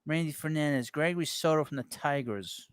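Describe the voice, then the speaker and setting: A man's slightly high, clean-toned voice comes through a little fast and without echo. He hosts a relaxed live baseball talk show, rambling while reading out viewer messages and reacting casually.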